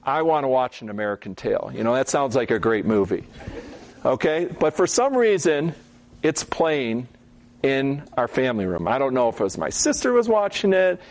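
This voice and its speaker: A man giving a Bible teaching talk, telling stories in a relaxed, conversational way and often checking in with "okay?". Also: medium pitch, moderate pace.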